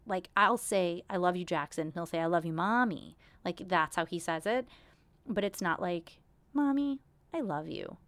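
A woman in her thirties hosts her own podcast solo, chatting in a candid, self-deprecating way. Her voice sits a little low, and the sound is close and dry with no room around it and no echo.

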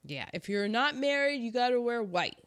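A woman's voice: on the high side, moderate pace. A woman co-hosting a casual chat, recapping a film with jokes and playful asides. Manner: animated, jokey, acts out characters in exaggerated voices. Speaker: podcast co-host.

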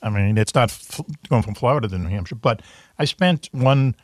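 A man with a Boston accent hosts a loose chat show over a video call. He rambles, laughs at his own slips and fills gaps with "uh". His voice sits at a middling pitch, and the sound is dry and close. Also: animated, normal speed, darkish tone, no room sound. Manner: rambling, self-deprecating, full of fillers. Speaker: host. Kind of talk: casual chat.

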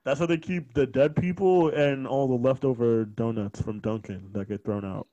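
A man's voice: mid-range voice, moderate pace, warm tone, muffled recording. A young man chatting casually on a podcast, often breaking into laughter while he tells rambling stories into a close mic. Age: young adult. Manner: laughs a lot, rambling storytelling. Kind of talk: casual chat. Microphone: close studio mic.

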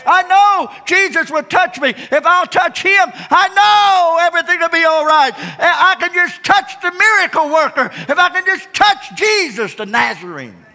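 Sick woman pleading for healing, shouted by a male preacher, sharp and high, reverberant church. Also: animated, unhurried, hardly any pauses, heavily acted. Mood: fervent.

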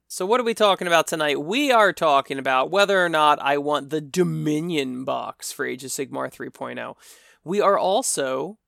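A man's voice: on the high side, gravelly, bright, forceful tone, no echo, studio quality. A man hosting a casual solo podcast, telling a story in a chatty, rambling, wry way. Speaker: podcast host.

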